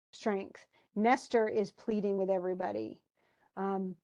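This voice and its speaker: Animated woman chatting about a book. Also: mid-range voice, lo-fi sound. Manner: animated, conversational. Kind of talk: casual book discussion.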